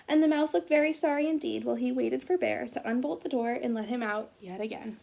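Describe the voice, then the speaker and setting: A woman reads a picture book aloud to young children, her voice high and touched with gravelly fry. She reads gently and stops now and then to ask the listeners what they think will happen. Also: expressive, brisk, hardly any pauses. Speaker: teacher reading aloud.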